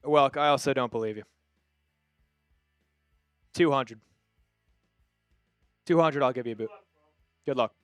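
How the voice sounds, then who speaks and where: Smooth-voiced Long Island man hosting. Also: mid-range voice, unhurried, pauses often, no echo, clean studio sound, faint music behind. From Long Island, New York. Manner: casual, chatty, reads viewer messages aloud. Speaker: livestream host. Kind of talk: live game watch-party commentary with chat.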